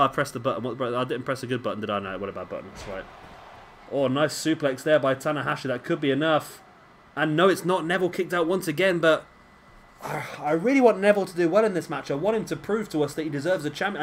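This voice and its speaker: Gaming host, man, excitable wrestling-game commentary, fairly high voice, slight noise under the recording. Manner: excitable, cheering the wrestlers on aloud.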